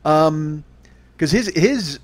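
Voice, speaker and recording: A man's voice: fairly high pitch, animated, drawn-out words. A man in his forties hosting a solo comedy podcast, rambling, swearing freely and poking fun at himself. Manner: rambling, profane, self-deprecating. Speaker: podcast host.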